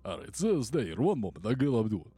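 A man's voice: mid-range voice, big pitch swings, fast talker, warm tone, husky, no room sound. A man voicing a greedy doorman at a club, putting on a foreign that keeps slipping. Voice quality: put-on foreign accent that slips. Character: male doorman of an Egyptian-themed club, gruff and greedy.

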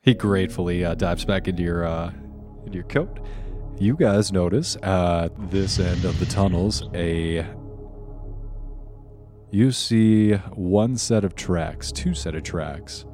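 Low-voiced man running a tabletop game. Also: music in the background. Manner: relaxed, halting with fillers. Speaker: game master.

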